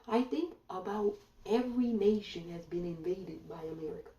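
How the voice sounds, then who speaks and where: A woman's voice: medium pitch, normal speed, warm tone, lo-fi sound. A woman giving a blunt, sardonic opinion monologue as a commentator. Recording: roomy sound from a distance.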